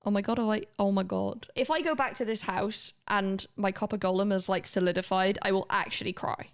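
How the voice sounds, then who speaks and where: A woman's voice: mid-range voice, a little fast, clean tone. Chatty woman game streamer. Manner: chatty and rambling, swears casually. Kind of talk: casual gaming commentary.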